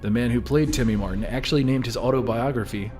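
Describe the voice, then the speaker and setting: A man's voice: medium pitch, quick pace, music in the background. A man in his thirties giving earnest, scripted narration and asking the viewers questions directly. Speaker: video narrator.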